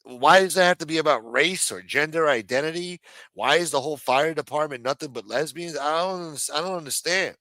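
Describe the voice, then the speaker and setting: A man's voice: a little high, brisk, pushed and bright, no room sound. A middle-aged man from the United States hosting a livestream, ranting angrily and swearing constantly. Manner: profane, angry ranting. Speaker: show host. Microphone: streaming microphone.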